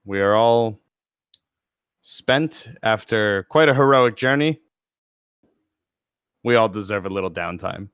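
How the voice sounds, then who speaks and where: A guy playing a smooth courtly lord, low and resonant, dry close sound. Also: slow pace, pauses often, a bit bright, no echo. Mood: gracious. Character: charming noble male lord, adult.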